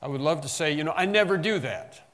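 A man preaching an expository sermon, emphatic, slowing on key phrases and rising in bursts. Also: fairly high pitch, animated, a bit bright, big-room sound. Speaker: pastor.

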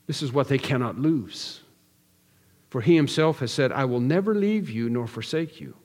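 A man's voice: mid-range voice, expressive, normal speed, darkish tone. Earnest preacher man in a reverberant hall. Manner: earnest, emphatic repetition with restarts. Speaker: pastor. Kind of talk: expository sermon.

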